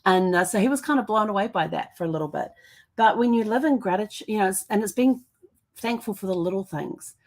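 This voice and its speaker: A chatty woman, talking from her home on a live stream. Her voice sits at an ordinary middle pitch, and her storytelling runs upbeat and easygoing. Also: a little fast, a little mellow. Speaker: podcast host. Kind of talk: casual live-streamed monologue. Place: indoors at home.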